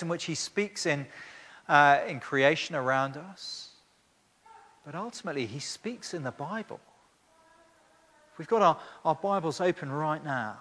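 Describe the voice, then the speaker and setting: Preacher with a long hall echo. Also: male voice, fairly high pitch, a bit bright. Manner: emphatic, many restarts and rhetorical questions. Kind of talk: sermon. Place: church hall. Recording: long church reverb.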